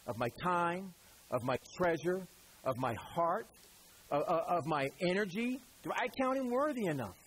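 A man preaching a conversational sermon, asking the congregation questions and acting out voices in quick asides. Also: sits high, slightly rough, low-quality recording. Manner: acts out voices in quotes. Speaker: pastor.

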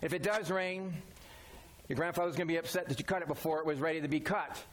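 A man's voice: a little high, steady tone, fast. A man preaching a sermon in a folksy, conversational way, using everyday examples. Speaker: pastor.

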